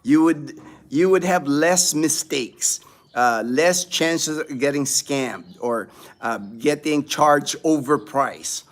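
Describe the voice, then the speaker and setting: A man's voice: fairly high pitch, slow. A man hosting a casual livestream, chatting with viewers and reading their comments, rambling with many fillers and restarts. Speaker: livestream host. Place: home in the Philippines.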